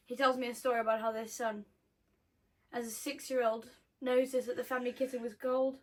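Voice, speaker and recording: A woman's voice: on the high side, steady tone, a little fast. A young woman co-hosting a casual chat, reading confessions aloud with playful, teasing outbursts. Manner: playful, teasing, bursts into loud laughter and shouts. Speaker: co-host.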